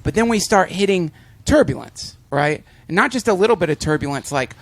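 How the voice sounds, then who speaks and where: A man hosting a podcast, telling vivid, animated stories in casual chat. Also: high-pitched, a little fast, no echo. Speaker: podcast host.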